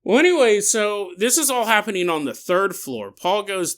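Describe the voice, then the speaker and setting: A man's voice: sits high, very animated, normal speed, fairly bright tone. A man hosting a podcast, casually telling a paranormal story in a chatty, digressive way and laughing at his own tale. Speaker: podcast host.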